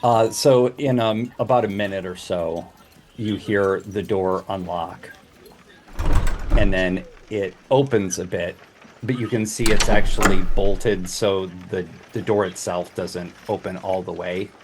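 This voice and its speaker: A man's voice: low voice, steady tone, measured pace, background noise. A man narrating a tabletop game as game master, rambling with fillers and restarts. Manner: meandering, full of fillers.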